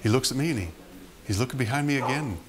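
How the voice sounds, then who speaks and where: Talking fast in a mid-range voice, this preacher tells a personal story from his past during a sermon. He's an animated storyteller who acts out the people in it.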